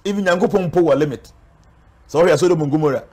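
A man's voice: fairly high pitch, fast talker, warm tone, slightly rough. A man with a Ghanaian accent, a spiritual guest speaking earnestly in an interview, warning and preaching. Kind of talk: interview talk mixing Twi and English.

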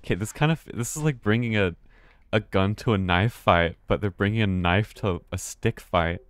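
Low-voiced American man streaming a game. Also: normal speed, dry recording. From United States. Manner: chatty, restarts words, swears casually. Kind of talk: live gameplay commentary.

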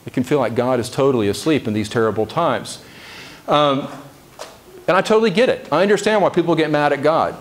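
A man giving a casual, conversational sermon in a church service, often checking in with the congregation. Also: medium pitch. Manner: conversational, chatty asides, frequent "right?" to the congregation. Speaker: preacher.

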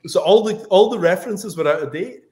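Scottish guy on a video call, kinda high voice, rambly, lots of like and you know. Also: a little fast, a little mellow. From Scotland. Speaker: guest comic book writer. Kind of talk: casual livestream chat.

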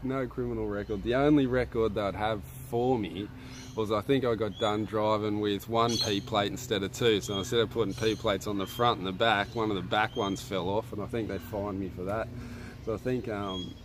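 Laid-back Australian man telling a story. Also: a little hiss or hum. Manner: laid-back, slangy, laughs often, pitch jumps up when excited. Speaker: vlogger. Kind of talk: casual storytelling to live viewers.

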